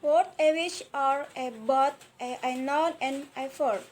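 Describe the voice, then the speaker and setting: Slow, halting Indonesian-accented young woman. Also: sits high, steady tone, a little mellow. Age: young adult. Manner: halting, frequent hesitations and restarts. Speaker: university student. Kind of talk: recorded class presentation.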